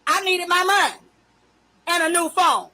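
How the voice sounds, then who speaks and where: A woman's voice: very high voice, animated, unhurried, pushed and bright, low-quality recording. A woman hosting a livestream and ranting in a profane, confrontational way, stretching out her emphatic phrases. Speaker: livestream host. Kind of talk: unscripted livestream rant. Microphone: phone livestream.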